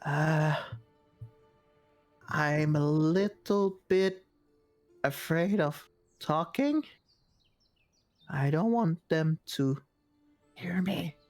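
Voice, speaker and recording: A hushed, raspy captive man trapped in a cell speaks in low, broken bits, afraid of being overheard, as a player puts him on in a tabletop game. The words come slowly, with faint music under them. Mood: scared. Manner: hesitant, halting. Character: frightened male captive hiding in a cell.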